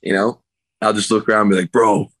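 A man, a guest on a podcast, telling a story in a casual, animated way and acting out what other people said. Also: fairly low pitch, a little fast, husky, poor audio. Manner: animated anecdote teller, acts out other people's lines. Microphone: remote call.

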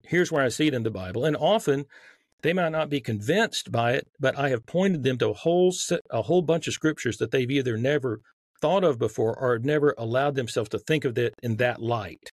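A man's voice: mid-range voice, a little fast, dry recording. A man with a light Southern accent, a podcast guest explaining his argument earnestly, with frequent restarts. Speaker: guest author. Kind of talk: casual podcast conversation.

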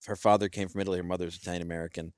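A man's voice: low-pitched, level tone, racing, darkish tone, dry recording, studio quality. A man hosting a podcast, asking questions in a friendly, easygoing way and laughing easily. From New York. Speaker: podcast host. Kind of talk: casual conversation.

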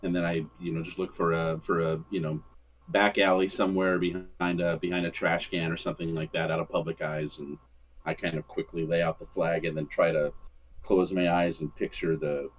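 A man's voice: low voice, little pitch movement, fairly quick, slight background noise. A man playing a tabletop game, rambling with many fillers. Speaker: player. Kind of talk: casual tabletop play. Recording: dull lo-fi mic.

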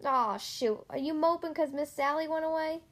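A woman's voice: high voice, moderate pace, natural voice. A woman voicing a cheerful, folksy male tow truck with a playful country drawl in a storybook.

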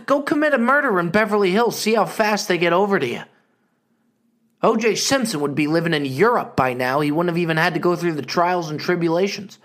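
A man's voice: high voice, a bit bright. A man co-hosting a comedy podcast, telling a rambling, joking story in casual chat. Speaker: podcast co-host.

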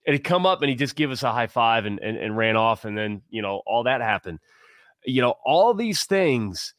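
A man's voice: mid-range voice, sing-song, normal speed, a bit bright, no room sound, studio quality. A man co-hosting a casual sports talk show, speaking with passion and rambling through many restarts. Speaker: podcast co-host.

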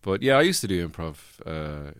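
A man's voice: low voice, very animated, fairly quick, clear, resonant tone, no room sound, studio quality. A man hosting a casual comedy podcast chat, rambling and laughing often. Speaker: podcast host. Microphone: studio microphone.

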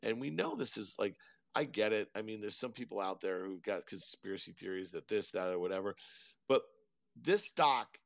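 A man co-hosting a markets podcast, chatting casually in an excitable, rambling way. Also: fairly low pitch, fairly quick, vocal fry, no room sound. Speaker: podcast co-host.

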